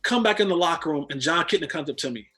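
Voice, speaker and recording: A man's voice: fairly high pitch, lively intonation, quick pace, bright, forceful tone, soft background music. A man, a former football player, telling a long story as a guest in casual chat, restarting and repeating words as he goes.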